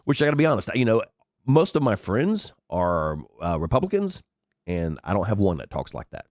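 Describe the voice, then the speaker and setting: This is a man with a cold-thickened, very deep voice, hosting his own podcast in a loose, rambling way and cursing casually. His pitch still bounces around a lot as he talks. The sound is close and dry, recorded on a headset. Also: big pitch swings, moderate pace, darkish tone, no room sound. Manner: rambling, chatty, swears freely. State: sick, congested with sniffles. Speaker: podcast host. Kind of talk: casual commentary monologue.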